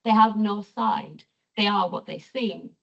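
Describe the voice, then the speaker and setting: A middle-aged woman with a Teesside accent, giving a measured, explanatory university lecture as a sociolinguistics professor. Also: mid-range voice, vocal fry. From North East England. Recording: distant mic, dull lo-fi sound.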